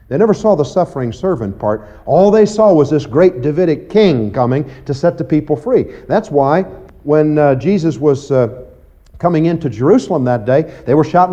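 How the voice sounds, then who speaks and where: A man preaching an evening Bible teaching in a folksy, conversational way, often saying "you see" and "okay.". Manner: animated, acts out quoted voices with big pitch jumps. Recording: muffled lo-fi recording.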